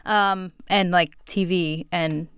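A woman's voice: lowish voice, fairly even intonation, slow pace, fairly bright tone, clear, resonant tone, dry recording, studio quality. A woman from California speaking as a guest on a panel, chatty and frank, often laughing as she talks. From Orange County, California. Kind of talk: casual panel discussion.

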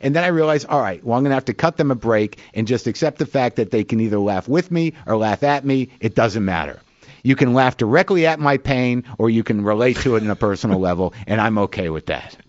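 A man's voice: medium pitch, lively intonation, a little fast, no echo, highs cut off. Profane, confessional middle-aged male comic. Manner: confessional, self-deprecating, profane. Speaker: comedian guest. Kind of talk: candid storytelling interview.

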